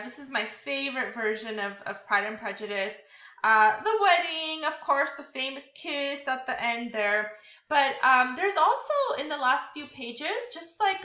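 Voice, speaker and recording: Woman tutor chatting thru slides, um and uh a lot, bright kinda highish voice, roomy lo-fi sound. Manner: chatty, many fillers and restarts. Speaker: literature tutor. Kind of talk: casual lecture over slides. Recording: echoey room, dull lo-fi sound.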